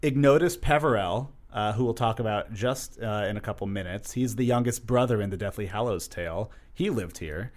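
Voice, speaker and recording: A man's voice: fairly low pitch, fairly quick, hardly any pauses. A young man co-hosting a podcast, talking casually and animatedly with lots of fillers. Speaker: podcast co-host. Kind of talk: casual chat.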